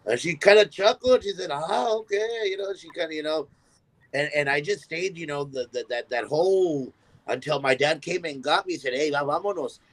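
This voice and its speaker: A musician appearing as a podcast guest tells a story with animation, acting out the voices of the people in it. His pitch is fairly high and his pace a little fast. The audio quality is poor.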